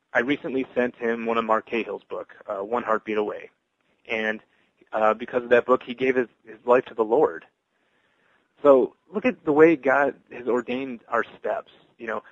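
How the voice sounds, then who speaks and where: A man giving an earnest, halting personal testimony as a Christian evangelist, full of restarts. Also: mid-range voice, fairly bright tone, no echo, highs cut off.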